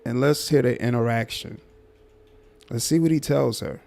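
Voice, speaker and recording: A man hosting a casual livestream commentary, talking to his viewers in a drawn-out, repetitive, emphatic way. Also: mid-range voice, creaky, a little mellow.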